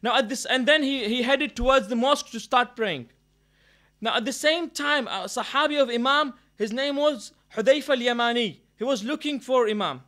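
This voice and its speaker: This man's voice sits extremely high and sounds pushed and bright as he speaks at a moderate pace. Addressing a religious mourning gathering in a London hall, he delivers a storytelling sermon, earnestly recounting a moral tale and often revising himself mid-sentence.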